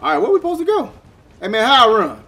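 A young man giving excitable, casual commentary while playing a video game and talking back to the characters. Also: very high voice, fast. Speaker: gaming streamer. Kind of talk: casual let's-play commentary.

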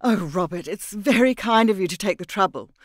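A raised, breathless society wife, as a male narrator puts her on, pushing her words out high and urgent. She sounds worried and pressed for time, read close in a dry, dead booth. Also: lively intonation, brisk, no room sound. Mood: relieved. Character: anxious, breathless middle-aged society wife.

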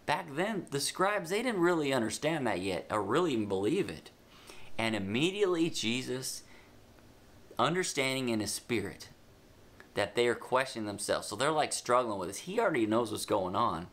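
A man teaching a children's Bible lesson, retelling the story with animated emphasis and casual asides, slowing down when he dictates notes. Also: mid-range voice.

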